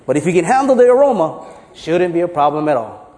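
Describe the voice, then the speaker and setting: A man's voice: on the high side, big pitch swings, fast, darkish tone, big-room sound. A man voicing an easygoing farmer in a joke, talking in a folksy way. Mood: friendly.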